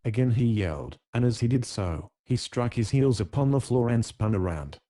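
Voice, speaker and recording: A man narrates an audiobook in a steady, measured way. His voice is mellow and dark, sitting at a middling pitch. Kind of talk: scripted narration.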